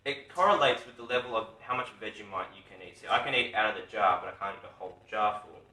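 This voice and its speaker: An Australian man hosting a casual live radio interview, joking and bantering quickly. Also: fairly low pitch, bright, forceful tone, far from the mic. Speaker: radio host. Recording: roomy studio, off-mic.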